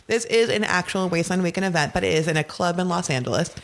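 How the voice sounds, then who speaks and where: A woman's voice: fairly low pitch, fast talker. A woman guest in casual podcast chat, laughing often and swearing freely as she explains things. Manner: laughing, profane, animated storyteller.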